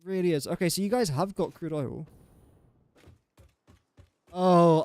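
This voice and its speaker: A man's voice: high voice, a little slow, pauses often, darkish tone, clean tone, no room sound. Chatty young Englishman streaming a game. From England. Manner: rambling, self-mocking, chuckles often. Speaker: livestreamer. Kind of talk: casual gameplay livestream chat.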